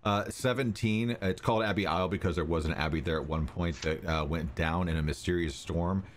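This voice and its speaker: Very deep-voiced male game master. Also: fairly quick, slight background noise. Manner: relaxed narration full of ums and uhs. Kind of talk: narrating a tabletop game.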